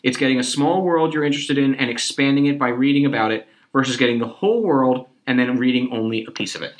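A man's voice: medium pitch, quick pace. A man co-hosting a podcast in casual chat, telling stories animatedly and swearing casually. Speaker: podcast co-host.

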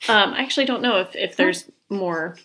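A woman's voice: mid-range voice, brisk. A woman co-hosting a podcast in casual chat, telling stories with frequent giggles. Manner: giggly, lively storytelling. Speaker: podcast co-host.

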